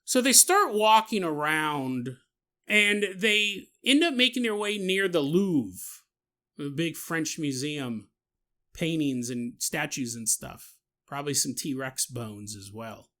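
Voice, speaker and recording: A man's voice: fairly high pitch, sing-song, slow pace, sharp tone. A man hosting a podcast, telling a story in a comedic, jokey way and laughing at his own asides. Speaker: podcast host.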